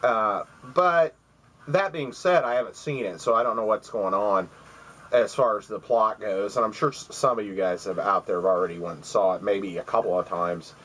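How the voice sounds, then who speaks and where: A man's voice: fairly low pitch, moderate pace, fairly bright tone, breathy edge, poor audio. A man recording a casual home video, rambling through stories about gifts with many fillers and restarts. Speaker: vlogger showing gifts. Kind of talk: casual chat. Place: at home by his computer.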